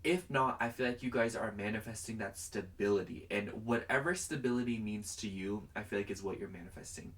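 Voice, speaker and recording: A man's voice: on the low side, fairly quick, hardly any pauses, a bit bright, recorded from a distance. A young man chatting casually through a pick-a-card tarot reading to camera, rambling and filling his talk with "like". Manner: chatty and rambling, heavy use of "like". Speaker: tarot reader.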